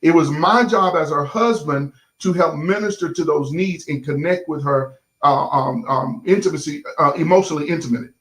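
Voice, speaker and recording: A middle-aged man with a fairly high voice talks like a pastor chatting with his congregation. He says y'all to the camera, stumbles through fillers and keeps it loose and folksy. The room around him rings with echo. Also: moderate pace, a bit bright. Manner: folksy, addresses the audience as y'all, lots of fillers. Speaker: pastor and show host. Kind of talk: casual sermon-like talk to viewers.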